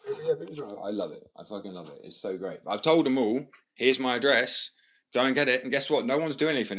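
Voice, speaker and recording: A man with a slight Australian twang, ranting to camera in a profane, combative, rambling monologue. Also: lowish voice. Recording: roomy sound from a distant mic.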